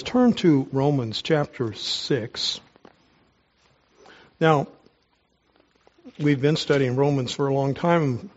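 A pastor preaches a sermon in a fairly high, darkish voice that sounds strained, as if he's nursing a sore throat and taking cough drops. He is earnest and emphatic, pausing to ask listeners questions directly. The audio is dull.

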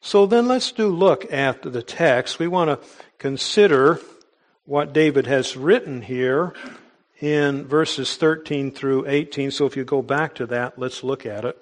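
A man's voice: medium pitch, a little slow. Earnest male preacher. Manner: earnest, emphatic preaching with small restarts. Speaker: pastor. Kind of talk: sermon.

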